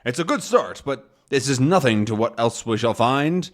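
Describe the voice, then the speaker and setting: A man's voice: medium pitch, lively intonation, normal speed, close to an everyday voice. A man doing a blustering old sea captain. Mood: boisterous. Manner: boisterous, exclaiming. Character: blustering hearty middle-aged male sea captain.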